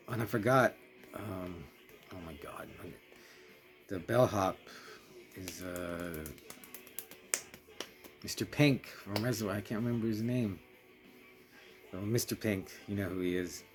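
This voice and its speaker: Rambling low-voiced man reviewing a film. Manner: rambling, restarts often, trails off softly. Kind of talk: casual spoken film review. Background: faint music.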